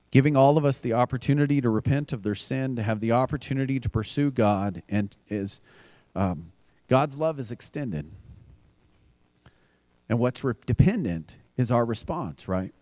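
A man's voice: mid-range voice, animated, a little slow, long pauses, a little mellow, no room sound. A man preaching a sermon as pastor, earnest and building to emphatic repeated refrains. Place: church.

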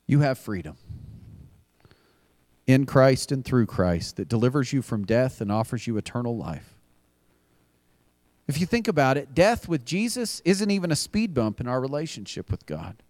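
A man's voice: mid-range voice, very animated, moderate pace, long pauses, a little mellow, no room sound. A man preaching a sermon as pastor, earnest and building to emphatic repeated refrains. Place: church.

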